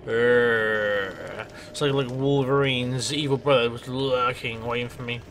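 A man's voice: medium pitch, level tone, moderate pace, fairly bright tone, a little hiss or hum. Rambling, swearing man gaming. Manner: rambling, swears freely, talks to himself. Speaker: let's play host. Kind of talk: casual gameplay commentary.

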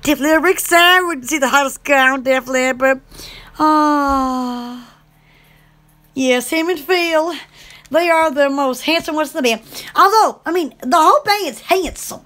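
A woman chats on a live stream in a very high, piercing voice. She rambles excitably and gushes as she talks. Her tone is bright and sharp. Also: measured pace. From Alabama. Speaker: livestream host. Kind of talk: casual live chat.

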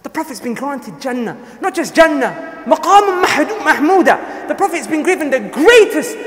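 A man preaching a sermon with impassioned delivery, often rising to near shouting. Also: very high voice, big pitch swings, normal speed, few pauses. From South Asia. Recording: echoey hall.

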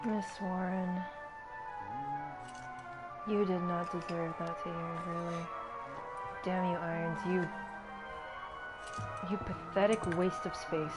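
Female streamer, casual gameplay commentary, playful and self-mocking, slow delivery. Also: lowish voice, flat delivery. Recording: faint game music behind.

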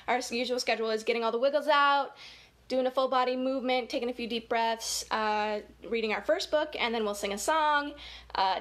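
An upbeat woman hosting a children's story time over a webcam, with a fairly high voice. She talks straight to the kids, giggling easily as she leads them along. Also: a bit bright.

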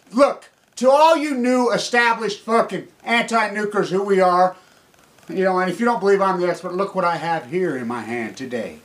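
A man in an angry, profane rant, swinging between yelling and low muttering. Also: normal speed. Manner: furious, profane, shouting, ranting. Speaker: anti-nuclear activist.

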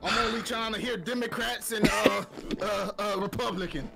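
A young man chatting loosely with friends during a game, swearing a lot and repeating shouts. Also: high voice, fairly even intonation, moderate pace, creaky, loud music behind the voice. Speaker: gaming teammate. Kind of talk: casual chat during a game.

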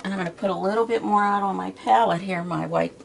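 A middle-aged woman talks through a painting lesson in her home studio, chatting in a homey, rambling way as she works. Her voice carries a gravelly edge at an everyday pitch, with a faint background hiss. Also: fairly even intonation, fast. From Pittsburgh area. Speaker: art teacher. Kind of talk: casual painting tutorial.

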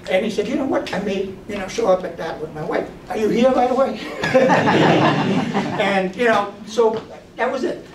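Over a noisy crowd, a man whose voice sits high talks at normal speed, casually telling drone photography stories and animatedly mimicking those he quotes. The mic is distant and the space sounds roomy.

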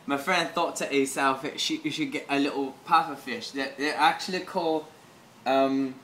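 A man's voice: medium pitch, fairly even intonation, moderate pace, sharp tone, reverberant, a little hiss or hum. A man rambling through an improvised comedy bit in a goofy, mock-serious way, full of hesitant fillers. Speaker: comedy video host.

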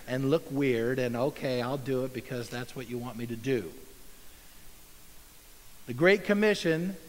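A pastor preaching a sermon, earnest and conversational, acting out little asides and inner dialogue. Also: male voice, high voice, long reverb tail, rough recording.

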